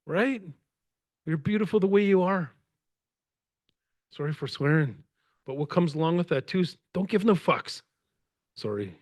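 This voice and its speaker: A man's voice: fairly high pitch, normal speed, long pauses, dry recording. Rambling, laughing storyteller man, dry sound. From Canada. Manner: rambling, animated, laughs often. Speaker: author and guest speaker. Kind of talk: conversational storytelling. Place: lecture event with audience.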